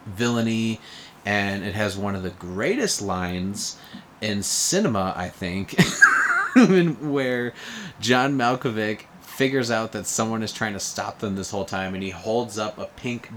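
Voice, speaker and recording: A young man with a fairly low voice talks loosely and at length in an easygoing chat, leaning on fillers and breaking into laughs. A faint hum of room ambience sits under him. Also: measured pace, fairly bright tone. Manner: rambling, lots of filler "like", laughs often. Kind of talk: casual podcast chat about movies.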